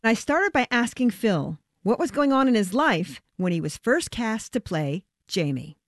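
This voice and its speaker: A woman's voice: a little high, sing-song, measured pace, no room sound. A woman hosting a radio interview in a studio, upbeat and conversational. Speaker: radio host.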